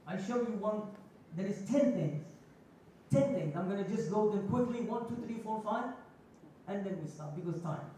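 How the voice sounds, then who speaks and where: A man's voice: sits high, lively intonation, moderate pace, dark tone, slight background noise. A man giving a Friday sermon in a mosque, telling stories with acted quotes and phrases. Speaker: khutba speaker. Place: mosque prayer hall. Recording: echoey hall, distant mic.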